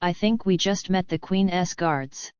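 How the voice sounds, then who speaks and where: A bold, cheerful storybook boy who loves adventure, read by a woman. The voice is low and smooth. The sound is dull and lo-fi. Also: takes it slowly, a little mellow, no room sound. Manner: bold, playful.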